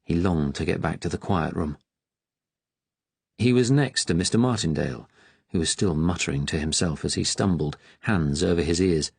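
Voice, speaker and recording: A man reading a novel aloud in a measured, grave manner. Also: low voice, gravelly, darkish tone, breathy edge, dry recording. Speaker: audiobook narrator. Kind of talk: scripted narration.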